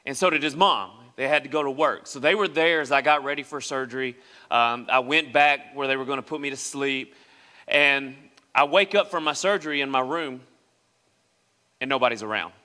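Bright-voiced preacher in a church hall. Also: male voice, mid-range voice, moderate pace. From West Tennessee. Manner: animated storyteller acting out quoted voices. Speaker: pastor. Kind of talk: sermon storytelling. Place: church sanctuary. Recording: long reverb of a church hall.

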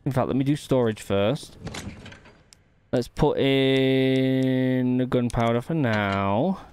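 A man's voice: medium pitch, slow, a little mellow, slight background noise. A man giving gameplay commentary, thinking aloud and muttering to himself as he works out puzzles. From United Kingdom. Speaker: gaming channel host.

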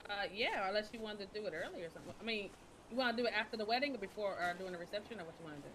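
A woman's voice: mid-range voice, lively intonation, racing, background noise. A woman playing a bride in a role-play game, chatting in laid-back slang. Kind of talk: casual in-character role-play chat.

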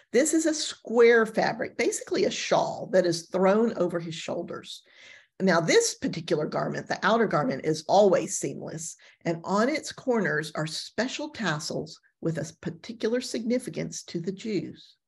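A woman pastor teaching a gentle Bible class, telling the story with lively emphasis and casual asides. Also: on the low side, breathy edge.

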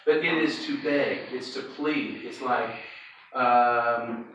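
A man gives a relaxed youth sermon, talking to the room as if chatting and checking in with a quick "okay?" every few lines. He stands back from the microphone in a very echoey hall, with a little noise under his voice. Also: mid-range voice, far from the mic. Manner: conversational, checks in with frequent "okay?". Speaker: youth pastor. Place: church hall or sanctuary. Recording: echoey hall, speaker away from mic.

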